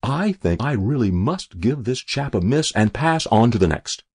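Man reading as a posh old-school angler, loud exclamations, voice jumping all over, bit husky. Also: medium pitch, normal speed, no room sound, clean studio sound. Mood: exasperated. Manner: exclamatory, upper-class, animated. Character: hearty English gentleman angler, growing exasperated.

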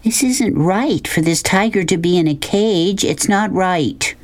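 A woman's voice: on the low side, unhurried, dry recording, voice pushed up, natural voice. A woman reading aloud, voicing a bold, stubborn young girl who is fierce and demanding. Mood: insistent.

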